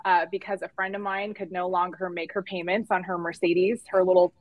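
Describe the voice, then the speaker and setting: A middle-aged woman, a podcast guest, telling her career story in a candid, animated way. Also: on the low side, brisk, no echo, low-quality recording. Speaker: podcast guest, agency founder. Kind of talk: casual interview storytelling.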